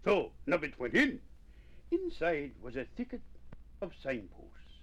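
A man reading a storybook aloud, slow and expressive. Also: mid-range voice, husky, low-quality recording.

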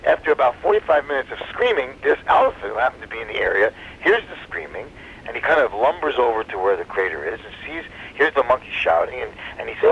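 A man's voice: medium pitch, very animated, fast talker, slight background noise. A man telling a long joke on community radio, rambling with restarts and fillers, heard over slightly dull radio audio.

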